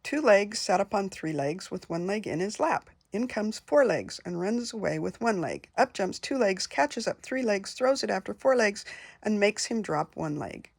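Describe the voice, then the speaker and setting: An older woman reading nursery rhymes aloud in a gentle singsong. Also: medium pitch, animated, moderate pace, vocal fry. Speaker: storyteller.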